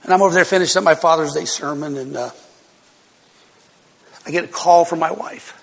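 An older male pastor preaches a heartfelt testimony in a high, gravelly, husky voice. He tells his story with strong emotion and keeps breaking into short laughs. The sound carries a long echo from the hall. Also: fairly quick. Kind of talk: personal testimony sermon.

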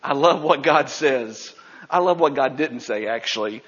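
A man preaching a sermon, animated, acting out the voices of biblical figures. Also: mid-range voice, a little slow, slightly rough. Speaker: pastor. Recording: dull sound with long hall reverb.

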